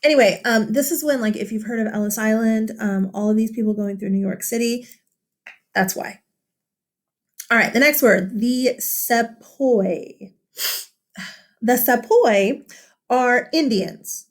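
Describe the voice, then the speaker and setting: A woman's voice: a little high, normal speed. A woman teacher talking through a vocabulary lesson in a casual, chatty way, with many fillers and tag questions. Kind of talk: recorded classroom lesson.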